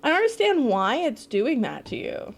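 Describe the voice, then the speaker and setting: A woman's voice: high voice, moderate pace, vocal fry. A young woman live-streaming a game, chatting casually, laughing a lot and swearing. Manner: giggly, animated, swears. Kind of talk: casual live-stream chat over gameplay.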